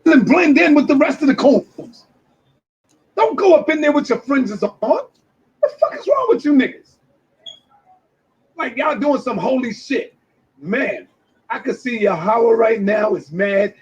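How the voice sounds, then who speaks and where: A man in a brash, swearing reaction rant with loud outbursts, heard through dull lo-fi clip audio. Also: extremely high pitch, sing-song, unhurried, pauses often, breathy edge. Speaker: commentator reacting to a video.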